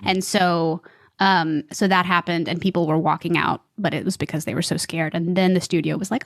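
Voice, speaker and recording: A woman's voice: on the low side, fairly even intonation, fairly quick, no echo, clean studio sound. A woman being interviewed as an actress guest, telling stories in a chatty way, often laughing and slipping into quoted voices. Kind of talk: animated storytelling in an interview.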